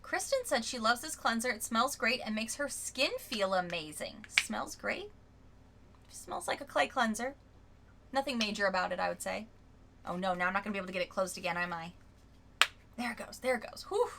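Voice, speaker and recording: A woman's voice: mid-range voice, a little fast, gravelly, background noise. A young adult woman reviewing beauty products in a casual vlog, reading viewer comments aloud in a chatty, candid way. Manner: chatty and candid, rereads quotes with lively emphasis. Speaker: beauty vlogger.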